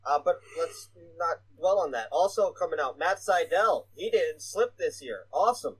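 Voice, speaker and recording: A man's voice: a little high, animated, normal speed, a bit bright, breathy edge, rough recording. A man co-hosting a casual podcast, rambling with lots of "uh" fillers and casual swearing. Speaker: podcast co-host. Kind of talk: casual wrestling podcast chat.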